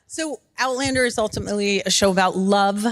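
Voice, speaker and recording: A woman's voice: medium pitch, brisk. A woman moderating a panel, asking questions in an upbeat, teasing way with frequent giggles.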